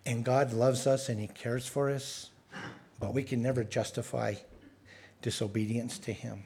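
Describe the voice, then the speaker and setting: A man's voice: mid-range voice, fairly even intonation, measured pace, mellow, a little hiss or hum. A man preaching a conversational sermon, reading scripture aloud and adding sarcastic asides.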